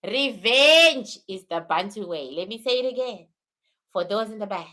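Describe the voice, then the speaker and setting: A woman's voice: mid-range voice, animated, moderate pace, pushed and bright. A woman hosting a spiritual livestream, answering viewer questions and thanking viewers, with emphatic repeated phrases. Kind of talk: live-stream talk answering viewer questions.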